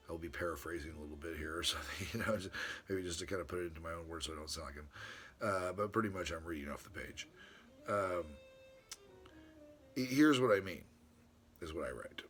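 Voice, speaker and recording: A man's voice: low-pitched, a bit bright. A man reading his own letter aloud and breaking off into rambling asides. He hesitates a lot, restarts his sentences and chuckles to himself between passages. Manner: hesitant, many restarts and fillers. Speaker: channel host.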